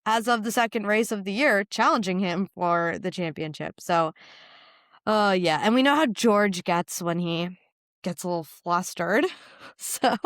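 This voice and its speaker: A chatty woman from the United States co-hosting a podcast, speaking frankly and laughing often. Her voice sits at an ordinary middle pitch, recorded close on a dry mic with no room sound. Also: a little slow, a bit bright, dry recording. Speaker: podcast co-host. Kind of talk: casual chat.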